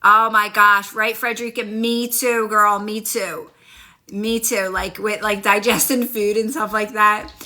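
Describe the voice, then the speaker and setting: In a casual phone livestream, a woman who is a manifestation coach encourages her viewers and reacts to their comments with upbeat energy. She speaks at a measured pace in a medium-pitched, level voice that sounds pushed and bright.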